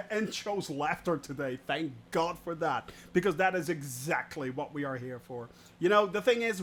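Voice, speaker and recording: A man streaming a flight game live, loud and jokey, laughing at his own puns and greeting viewers by name. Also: sits high. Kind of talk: live gameplay commentary.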